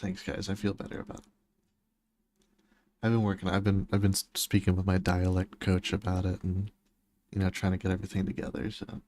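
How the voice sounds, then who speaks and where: Low, flat-voiced joking male streamer. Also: brisk, slight background noise. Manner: dry, teasing jokes. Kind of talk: casual chat with viewers while gaming.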